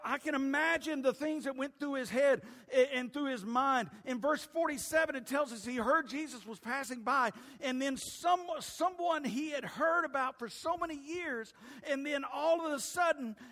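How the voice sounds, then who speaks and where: High-voiced man preaching loudly. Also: normal speed, long reverb tail. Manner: loud, preaching that swings from shouting to hushed. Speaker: pastor. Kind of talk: sermon.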